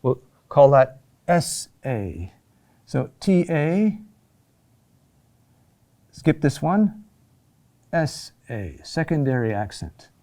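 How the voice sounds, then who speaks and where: A middle-aged man teaching a recorded lesson, speaking in a halting way with many fillers and restarts. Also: medium pitch, big pitch swings, dark tone. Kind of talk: recorded lesson on Latin chant accentuation.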